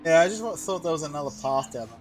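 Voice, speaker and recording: A young man chatting casually while playing a co-op video game, excitable and quick to yelp and laugh. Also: a little high, a little hiss or hum. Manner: excitable, yelps and laughs at scares. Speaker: gaming YouTuber. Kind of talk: casual co-op gaming chat.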